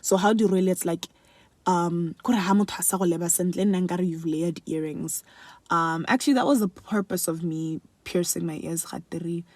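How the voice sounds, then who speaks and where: A young woman chatting casually to camera in a favourites vlog, animated and laughing often, switching between English and another language mid-sentence. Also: fairly low pitch, normal speed, dry recording. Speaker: beauty and lifestyle vlogger. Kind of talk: casual chat.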